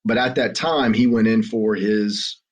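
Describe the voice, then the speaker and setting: A middle-aged man with a Southern American accent, telling his story as a podcast guest in an earnest, halting way with frequent restarts. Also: lowish voice. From Southern United States. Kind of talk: conversational storytelling. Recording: muffled lo-fi audio.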